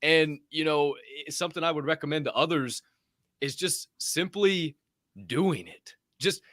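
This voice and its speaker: A man co-hosting a podcast, telling stories in a brash, profane, animated way in a casual motivational chat. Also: on the high side, measured pace, dry recording, studio quality. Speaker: podcast co-host.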